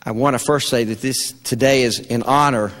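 A man's voice: mid-range voice, steady tone, moderate pace, fairly bright tone. An older man with a Southern American accent telling a story to an audience, folksy and stammering, a Vietnam veteran speaker. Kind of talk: storytelling speech at an event. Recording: long hall reverb.

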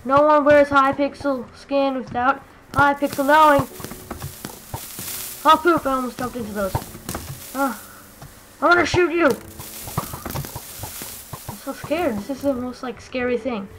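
A woman's voice: high voice, unhurried, long pauses, fairly bright tone, a little hiss or hum, low-quality recording. A young woman giving goofy, teasing commentary over her own gameplay, mocking strangers and then taking it back. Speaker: gaming YouTuber.

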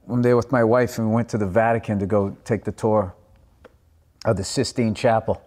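A man, a comedian, telling a story on a podcast in a gruff, low voice. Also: fairly even intonation, moderate pace, darkish tone.

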